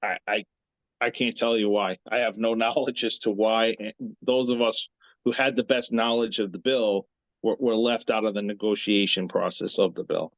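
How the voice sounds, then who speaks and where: A male dental association president giving measured answers in an interview and asking rhetorical questions. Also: on the low side, fairly even intonation, fairly bright tone, dry recording.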